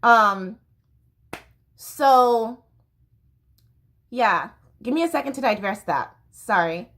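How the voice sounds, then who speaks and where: A woman's voice: on the high side, lively intonation, takes it slowly, fairly bright tone. Candid woman in her thirties. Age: 30s. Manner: candid, rambling, with frequent fillers and restarts. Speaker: dance teacher. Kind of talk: personal storytelling vlog.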